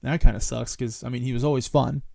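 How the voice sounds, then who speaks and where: Male host, mid-pitched, casual storyteller, dry booth sound. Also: steady tone, fast talker, creaky, dark tone, dry recording. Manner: rambling storyteller, laughs between lines. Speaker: podcast host. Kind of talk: casual chat.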